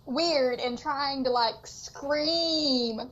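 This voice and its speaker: A woman's voice: sits high, drawn-out words, lo-fi sound, crowd noise. A woman in her twenties, a joking guest chatting on a livestream. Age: 20s. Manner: joking, bursts into laughter. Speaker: stream guest. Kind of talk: casual livestream chat.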